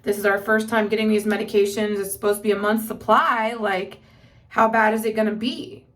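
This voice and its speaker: A woman's voice: mid-range voice, fairly even intonation, a little fast, a bit bright. A woman speaking as a mother in a casual personal vlog, telling her family's story candidly with many "like" fillers. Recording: voice somewhat distant from the mic.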